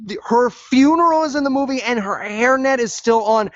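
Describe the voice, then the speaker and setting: A man on a podcast co-hosting a comedic movie recap, telling the story in an animated way and doing quick voices for the characters. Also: extremely high pitch, no room sound, lo-fi sound. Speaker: podcast co-host.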